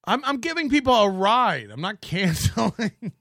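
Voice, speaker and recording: Excitable male host, mocking and laughing, bright edgy tone. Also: sits high, normal speed, dry recording, clean studio sound. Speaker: podcast host. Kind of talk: ranting commentary.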